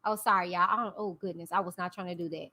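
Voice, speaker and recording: A woman's voice: lowish voice, fairly even intonation, quick pace, pushed and bright. A young woman hosting a casual commentary vlog. She reads a court document aloud and breaks off to chat directly with her viewers in slangy asides. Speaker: YouTube commentary host.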